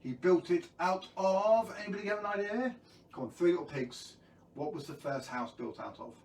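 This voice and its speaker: A man's voice: high voice, expressive, normal speed, creaky, a little mellow, reverberant, far from the mic, a little hiss or hum, rough recording. Playful man telling a kids' story. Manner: playful, jokey, quizzes the viewers. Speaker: children's storyteller. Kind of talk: live-streamed story time for kids.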